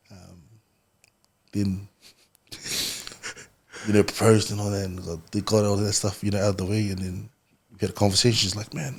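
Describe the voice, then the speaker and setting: A man, a podcast guest telling stories in relaxed casual conversation. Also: fairly low pitch. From New Zealand. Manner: relaxed, storytelling, laughs often.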